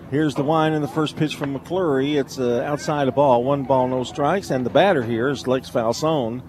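A man's voice: measured pace, darkish tone, slight background noise. Chatty baseball play-by-play man. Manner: chatty, jokey, tells stories between pitches. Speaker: play-by-play announcer. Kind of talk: radio baseball commentary.

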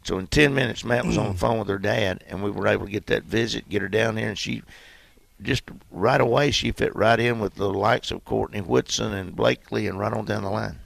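A man's voice: lowish voice, steady tone, fairly quick, gravelly. A man, a basketball coach telling stories in a folksy way in a radio interview. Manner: folksy storytelling.

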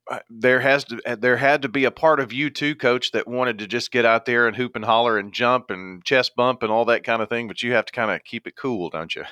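Bright, crisp-voiced radio sports host. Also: male voice, on the low side, no echo. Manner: chatty, leading questions. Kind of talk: radio interview.

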